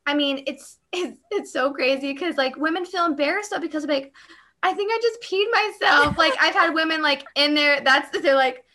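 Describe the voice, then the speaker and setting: A high, bright-voiced woman chatting casually. She tells stories about work at a quick pace and laughs often. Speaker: labor and delivery nurse. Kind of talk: casual chat.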